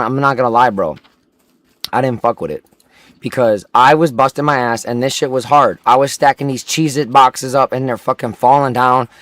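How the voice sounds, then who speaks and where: A young man in his twenties rants through a story on his gaming livestream. His voice sits at an ordinary middle pitch. He swears constantly and slips into the voices of the people he is quoting. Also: a bit bright, slight background noise. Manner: profane, ranting, acts out quoted people. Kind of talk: casual storytelling chat.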